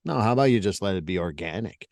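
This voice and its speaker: A man's voice: sits low, animated, fast, a little mellow, no room sound, clean studio sound. A middle-aged man hosting a podcast, telling stories in a blunt, casual way and often repeating words. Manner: storytelling, blunt, repeats himself. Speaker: podcast host.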